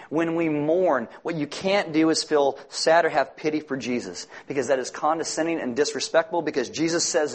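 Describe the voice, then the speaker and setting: A man's voice: on the high side, normal speed, few pauses. A man preaching a sermon, earnest and emphatic, quoting scripture as a pastor.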